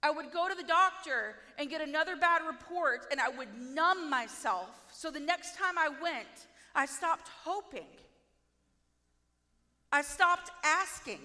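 A woman giving a heartfelt, emotional testimony in a sermon, talking slowly and sometimes near tears. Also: very high-pitched, pushed and bright. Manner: tearful, heartfelt, slow storytelling. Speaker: speaker sharing testimony. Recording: echoey hall with long reverb.

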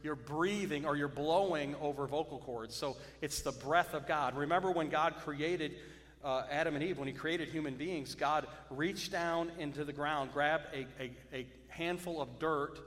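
A man's voice: on the high side, normal speed, fairly bright tone, big-room sound. A man preaching a sermon as pastor, repeating key phrases and checking in with his congregation with "Amen?" and "okay?". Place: church sanctuary.

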